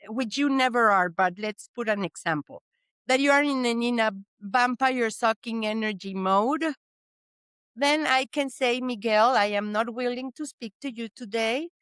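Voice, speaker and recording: A woman speaks slowly and deliberately, like a motivational co-host. Her voice is smooth and clear, a little high, and recorded dry and close. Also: fairly bright tone, no room sound. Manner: slow, emphatic, deliberate. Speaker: podcast co-host. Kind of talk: motivational talk.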